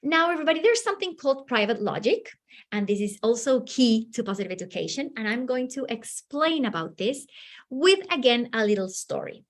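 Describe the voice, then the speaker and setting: A woman from Chile leads a teacher training session. Her voice sits fairly high and swoops widely as she tells stories and acts out bits of dialogue. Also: big pitch swings, brisk. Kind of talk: teacher training talk with acted anecdotes.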